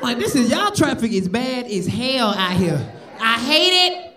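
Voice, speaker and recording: A Southern man works the room as a stand-up comedian, brash and profane as he roasts people in the audience. His voice sits very high and swings wide. He's on a handheld mic on a club stage, with a loud crowd laughing and noisy around him. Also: sing-song, a little slow.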